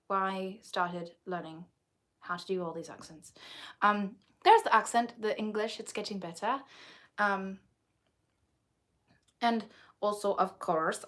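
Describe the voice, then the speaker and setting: A woman's voice: mid-range voice, a little slow, pauses often, fairly bright tone. A woman hosting a music livestream, chatting casually and rambling about accents she can do. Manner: chatty, rambling, with many fillers and restarts. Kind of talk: casual chat.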